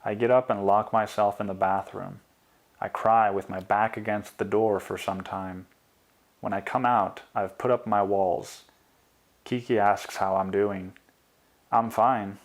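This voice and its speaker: Lower-voiced man narrating a memoir. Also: little pitch movement, a little slow. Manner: quiet and confessional.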